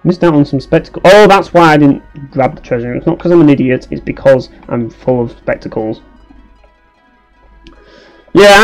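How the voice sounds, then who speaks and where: This low-quality clip has a young let's play commentator casually narrating his gameplay, ranting, cursing often, and dripping with sarcasm. His voice sits on the high side with a darkish tone.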